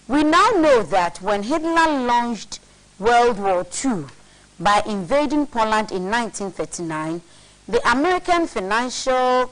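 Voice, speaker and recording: A woman's voice: medium pitch, low-quality recording. A woman co-hosting, reading aloud steadily and carefully from a book.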